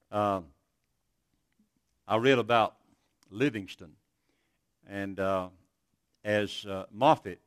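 A man's voice: fairly low pitch, no echo. Earnest male preacher, dry sound. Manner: earnest, storytelling with many restarts. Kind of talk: sermon.

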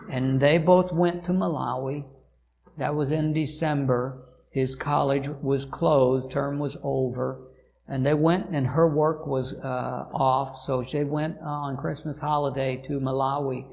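A middle-aged missionary pastor giving a sermon testimony, telling an earnest story in a halting way and correcting himself mid-sentence. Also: male voice, mid-range voice, steady tone, gravelly, darkish tone. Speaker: missionary pastor to a deaf church.

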